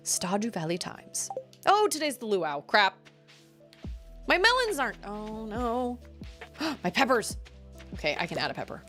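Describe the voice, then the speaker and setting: A woman's voice: medium pitch, big pitch swings, moderate pace, pauses often, a bit bright, faint music behind. A woman in her thirties streaming a game, chatting casually, giggly and rambling. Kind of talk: casual chat while gaming.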